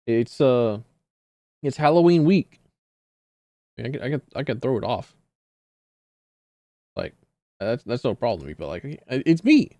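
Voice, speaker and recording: A man's voice: medium pitch, a little mellow, no room sound, studio quality. A man streaming a video game live, chatting casually with viewers, joking, swearing freely and reading in-game documents aloud.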